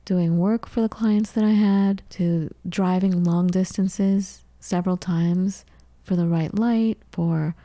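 A woman's voice: on the low side, steady tone, takes it slowly, dark tone, no echo. A woman podcast co-host in her thirties telling candid personal stories in casual conversation, with frequent restarts.

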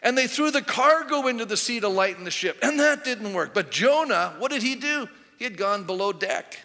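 A pastor with a high, bright, forceful voice delivers a sermon in a chatty way, full of rhetorical questions. A long reverb trails each phrase, as in a large sanctuary. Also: male voice, expressive, normal speed. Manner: conversational preaching with rhetorical questions.

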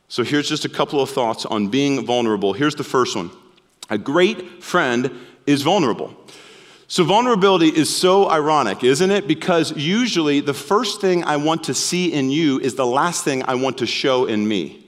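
A man delivers a sermon as a pastor, earnest and emphatic, slowing down to stress key phrases. His voice is a little high, and a long reverb tail trails his words.

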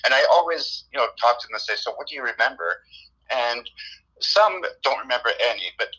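A man's voice: mid-range voice, lively intonation, brisk, pushed and bright, husky, low-quality recording. A man chatting as a guest in an interview, with dry, self-deprecating humor and frequent chuckles. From Canada. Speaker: guest, improv comedian. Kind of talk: casual interview chat.

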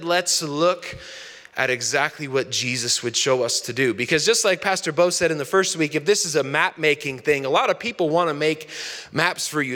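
Conversational male pastor, bright voice, reverberant hall. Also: sits high. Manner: conversational, storytelling, asks the congregation questions. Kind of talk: sermon.

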